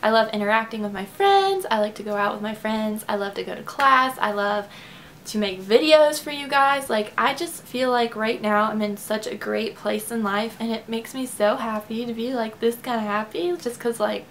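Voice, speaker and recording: A woman's voice: a little high, slight background noise. A young woman from Kentucky talking to her subscribers in a casual vlog, emotional and close to tears, with lots of fillers. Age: young adult. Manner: emotional, teary, fast with many fillers. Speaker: vlogger. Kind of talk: casual heartfelt talk to camera.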